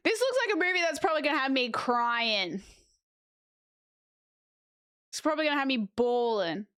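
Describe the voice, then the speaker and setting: A woman's voice: sits high, expressive, moderate pace, a bit bright, clear, resonant tone, dry recording, studio quality, faint music behind. An Australian woman streaming and chatting casually, reacting aloud while reading messages from her chat.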